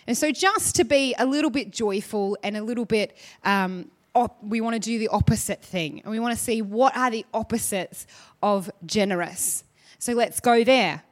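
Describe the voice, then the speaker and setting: A woman pastor preaching a sermon in a chatty, storytelling way, full of rhetorical questions. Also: medium pitch.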